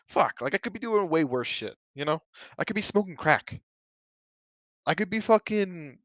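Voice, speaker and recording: A man hosts his own casual podcast and talks bluntly, swearing freely and sliding into heated rants. His pitch sits in an ordinary middle range, and the voice sounds dry and close with no room echo. His speech is loose and full of fillers like "you know" and "like.". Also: a bit bright. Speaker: podcast host. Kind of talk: casual solo podcast rant.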